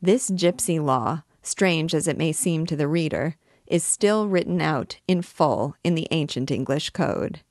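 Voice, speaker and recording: A woman reading a classic novel aloud as a book guide, telling the story in a measured, expressive way. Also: low voice, no room sound, clean studio sound.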